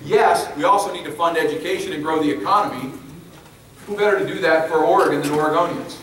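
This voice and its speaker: Man giving a speech, slightly high, emphatic and repetitive, echoey hall from far off, faint noise. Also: fast talker, a bit bright. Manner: emphatic, repeats phrases. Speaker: speaker at a public meeting. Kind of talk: public speech.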